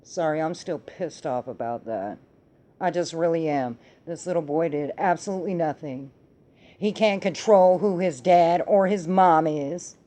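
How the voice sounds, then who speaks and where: A woman's voice: low voice, unhurried, warm tone. A middle-aged woman hosting a talk show, ranting angrily about politics with plenty of swearing. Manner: angry, profane ranting. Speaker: podcast host. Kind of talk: heated political commentary.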